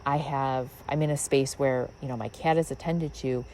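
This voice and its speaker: A woman with a very deep, low voice muses on spiritual ideas from her backyard. She rambles along with lots of fillers, and a faint hiss sits under the outdoor recording. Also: steady tone, normal speed, darkish tone, low-quality recording. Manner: musing, rambling with many fillers. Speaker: podcast host. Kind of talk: reflective spiritual monologue.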